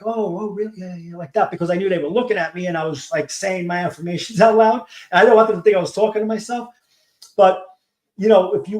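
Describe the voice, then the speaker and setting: A man's voice: high voice, mellow, reverberant, rough recording. A man hosting a podcast, talking in a rambling, casual way with many restarts and fillers. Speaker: podcast host. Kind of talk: casual monologue.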